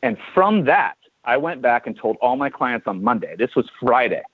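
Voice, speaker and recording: A man's voice: medium pitch, sing-song, moderate pace, breathy edge, no room sound. A man in his forties from California, a chiropractor guest telling a story in a casual interview and acting out the dialogue. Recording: tinny phone-like dry line.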